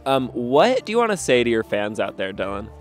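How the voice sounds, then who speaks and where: A man's voice: medium pitch, very animated, fairly quick, soft background music. A man interviewing a young child outdoors in the snow, asking playful, teasing questions and reacting with exaggerated surprise.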